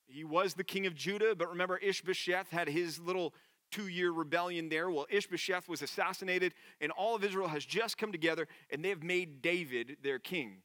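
Bright-voiced man preaching. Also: high-pitched, normal speed, no echo, studio quality. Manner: earnest, conversational preaching. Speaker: pastor. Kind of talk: sermon.

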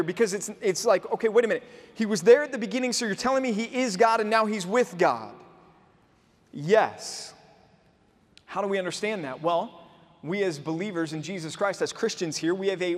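A man preaching a sermon as pastor, explaining earnestly and posing rhetorical questions to his listeners. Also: sits high. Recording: long hall reverb.

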